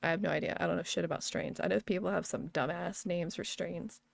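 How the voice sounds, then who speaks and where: Gravelly woman streamer, rambly, laughing and cussing, dry close sound. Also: on the low side, steady tone, fast, no room sound. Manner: rambling, laughs often, swears casually. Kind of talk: casual gaming stream chat.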